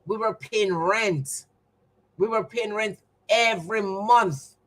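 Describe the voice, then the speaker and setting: Speaking slowly at medium pitch, a livestream host with a Jamaican accent shares a personal story with viewers, repeating and stressing points as if testifying. The recording quality is low.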